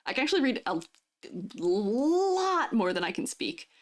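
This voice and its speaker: An American woman chats casually on a live stream, reading chat messages aloud and answering them, giggling often between lines. Her fairly high voice is sing-song, at a measured pace.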